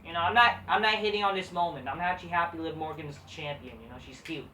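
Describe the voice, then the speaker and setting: A woman's voice: fairly low pitch, quick pace, sharp tone, a little hiss or hum. A woman giving a profane, sarcastic rant as a wrestling show reviewer. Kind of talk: ranting video review. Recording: roomy, distant from the mic.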